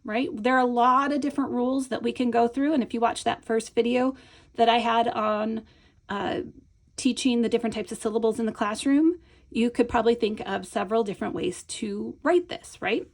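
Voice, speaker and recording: Woman, middle-aged, gravelly and slightly high, patient instructional delivery, stretches out sounds when modeling them. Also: brisk. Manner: patient, explanatory, frequent "right?" check-ins. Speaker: teacher trainer. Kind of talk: instructional video lesson.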